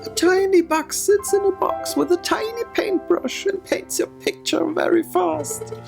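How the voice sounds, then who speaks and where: A man voicing an excitable young female cat noblewoman in a high, breathless, chirpy way while reading a game aloud. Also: a little slow, gravelly, music in the background, exaggerated voice. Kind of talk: let's play voice reading.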